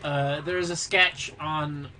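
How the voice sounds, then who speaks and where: A man chatting casually with friends on a stream, rambling and halting, teasing and joking. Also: fairly high pitch, steady tone, sharp tone, a little hiss or hum, low-quality recording. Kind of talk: casual chat among friends.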